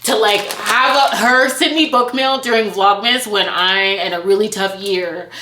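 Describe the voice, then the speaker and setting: A woman vlogging a casual book unboxing, gushing and excitable. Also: medium pitch, unhurried. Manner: gushing, excitable, laughs and gasps often. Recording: echoey room with faint noise.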